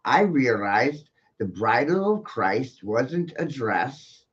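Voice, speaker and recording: In a dull lo-fi home recording, a commentary streamer with a medium-pitched voice and big pitch swings rambles on alone. His talk is profane and slow, drawn out, and packed with rhetorical questions, especially "right?"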